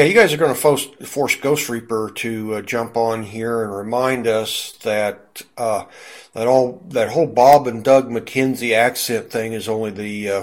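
A man hosting a casual group chat, rambling with many fillers and restarts. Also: on the low side.

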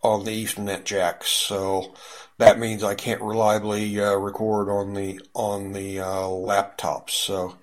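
A man with a lowish voice hosts a casual online group chat. He rambles through his thoughts, stopping often to restart his sentences and fill the gaps with "uh". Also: completely flat delivery, takes it slowly. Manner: rambling, many fillers and restarts.

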